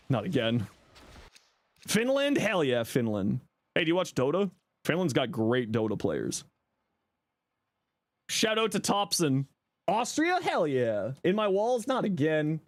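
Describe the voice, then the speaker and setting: A man's voice: sits high, a little slow, no room sound. A man with a light Canadian accent from Southern Ontario, chatting casually with viewers on a game stream and reading their messages aloud. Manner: chatty, animated, reads and answers chat aloud.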